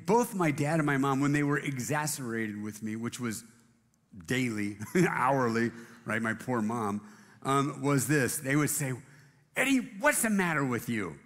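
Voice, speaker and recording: A man with a medium-pitched voice preaches a loose, rambling sermon in a church auditorium, where a large hall surrounds him. Acting as pastor, he pokes fun at himself and restarts often.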